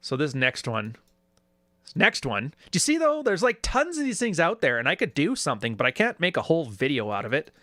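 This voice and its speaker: A man delivers loose, sarcastic commentary in a bright, forward voice that is set a bit high for a man. His pitch swings widely as he riffs. The sound is dry and close, with no room around it. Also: a little fast, no room sound. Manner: animated, sarcastic, does mocking quoted voices. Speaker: YouTube commentator. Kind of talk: casual reaction commentary.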